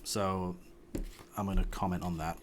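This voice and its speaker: A man's voice: low-pitched, little pitch movement, moderate pace, slight background noise. A man hosting a reaction video, commenting casually with frequent hesitations and restarts. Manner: hesitant, many restarts, frustrated.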